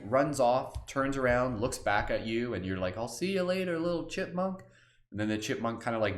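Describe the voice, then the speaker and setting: A man with a very low voice guides listeners through a meditation. He talks slowly and softly, then shifts into relaxed, filler-heavy chat. The sound is roomy and echoey. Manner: slow, soft guiding voice, relaxed filler-heavy chat afterward. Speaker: meditation guide and live stream host. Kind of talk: guided meditation on a live stream.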